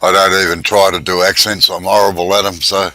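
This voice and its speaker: A man hosting a casual live stream chat, easygoing and quick to laugh, talking over a video call. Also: low-pitched, little pitch movement, bright, forceful tone.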